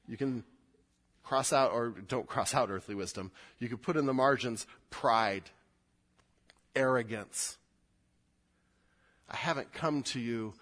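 A man, a pastor, preaching a verse-by-verse sermon, often climbing high and loud as he explains. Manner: animated, rises sharply in pitch and volume when explaining.

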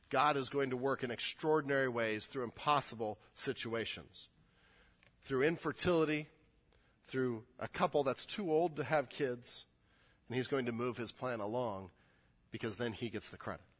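A man preaching a sermon in an animated way, building to emphatic peaks. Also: mid-range voice, moderate pace. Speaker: pastor.

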